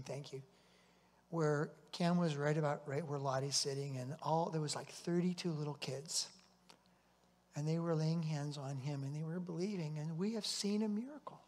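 A man's voice: a little high, a little mellow. A male pastor preaching a sermon to his congregation, earnest and anecdotal. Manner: storytelling, earnest, repeats himself. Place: church sanctuary. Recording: long hall reverb.

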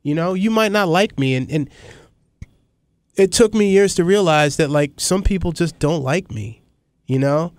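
A middle-aged man talking candidly as a guest in an interview, rambling and animated as he tells stories. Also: fairly high pitch, moderate pace, no echo. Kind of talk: conversational interview.

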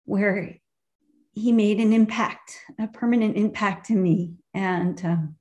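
A woman at a memorial gathering, coming through a video call, speaks of a cherished personal memory with many pauses to find her words. Her medium-pitched voice has a darkish tone.

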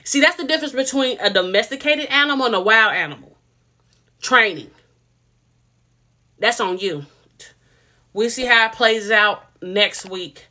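Woman ranting about a tv episode, bright voice, emphatic, says it straight to her viewers. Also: a little high, animated, measured pace, pauses often. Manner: blunt, emphatic, opinionated; chatty, addresses viewers directly. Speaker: show reviewer. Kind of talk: casual opinion commentary.

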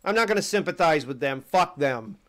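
High-voiced man ranting profanely. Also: animated, brisk. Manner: profane, shouting rant. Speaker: streamer. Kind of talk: angry live-stream commentary.

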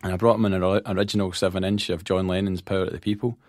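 A Scottish man, a band manager and podcast guest, telling lively anecdotes in casual chat, acting out quotes and laughing often. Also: low voice, racing.

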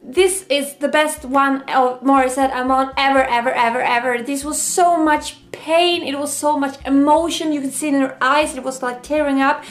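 A woman's voice: high-pitched, steady tone, moderate pace, few pauses. A woman from Sweden, hosting a casual reaction vlog and gushing with emotion. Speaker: YouTube reaction host. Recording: roomy echo.

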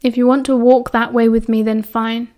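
A woman's voice: a little high, level tone, normal speed, warm tone, natural voice. Woman reading as a curt, dry British teen boy. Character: tall, dry, irritable teenage boy.

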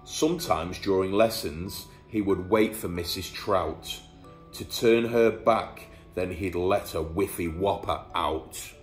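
A man reads a rhyming bedtime story aloud with a playful touch, his voice on the lower side and unhurried. The room has a clear echo, and music plays faintly behind him. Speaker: teacher reading aloud. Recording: echoey room.

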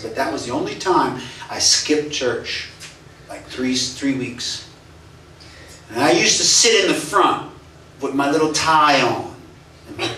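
A man's voice: medium pitch, fairly bright tone, slight background noise. A pastor, a man, preaching a sermon and telling a personal testimony in an earnest storytelling manner. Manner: storytelling, earnest, acts out quoted voices. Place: church. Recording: echoey church heard from a distance.

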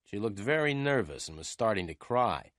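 Low-voiced man narrating a story. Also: very animated, a bit bright, no room sound, studio quality. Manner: clear, measured first-person storytelling. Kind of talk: scripted story narration for English learners.

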